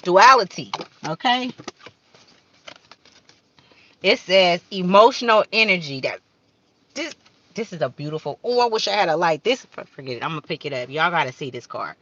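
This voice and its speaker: A woman's voice: on the low side, expressive, a little fast, a bit bright, muffled recording. A woman doing a casual spiritual card-reading vlog, talking fervently in slang, swearing at times and stumbling as she reads the card text aloud. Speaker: card reader.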